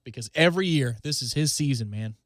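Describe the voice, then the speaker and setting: A man's voice: medium pitch, lively intonation, brisk, fairly bright tone, no echo, clean studio sound. A man co-hosting sports talk radio, cutting in with wisecracks. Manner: wisecracking interjections.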